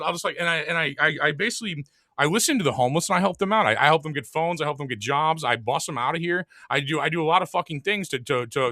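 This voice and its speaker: A man's voice: on the high side, sharp tone, no room sound, studio quality. A man hosting a podcast in casual, profane chat, rambling with many filler words. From lives in Saint Louis. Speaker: podcast host.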